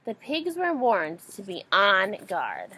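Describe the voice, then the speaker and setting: A woman reading a children's story aloud in an animated, expressive way. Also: medium pitch, slow, a little hiss or hum, low-quality recording. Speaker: storybook reader.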